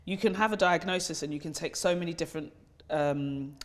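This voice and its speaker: A woman's voice: deep voice, a little fast. Candid woman hosting a podcast. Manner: heartfelt, candid, casual swearing. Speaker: podcast host and charity founder. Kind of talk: podcast conversation.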